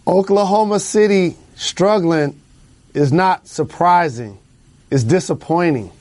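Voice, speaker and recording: A man's voice: sits high, slow, a little mellow, no echo. A man co-hosting a sports podcast from a remote studio, speaking in a dry, blunt, matter-of-fact way. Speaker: podcast co-host, former basketball player. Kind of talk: bantering sports talk.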